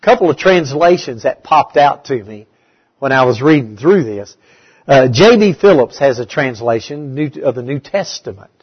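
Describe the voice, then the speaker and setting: A man's voice: medium pitch, animated, normal speed, husky, lo-fi sound. A man preaching a conversational bible study, asking his listeners questions and repeating key words.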